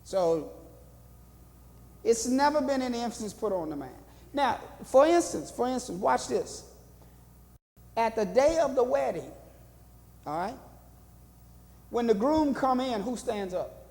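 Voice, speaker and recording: A man's voice: extremely high pitch, big pitch swings, a little slow, creaky, pauses often, a little mellow, in a large hall. A male pastor teaching a Bible study in a church, repeating phrases and asking the room questions in a preaching cadence. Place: church hall.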